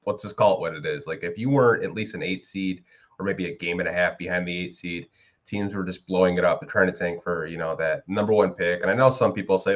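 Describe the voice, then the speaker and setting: A very low-voiced man talks fast and loosely, packing his sentences with "like" and "you know," like a co-host on a casual sports podcast. The audio is a bit dull and lo-fi.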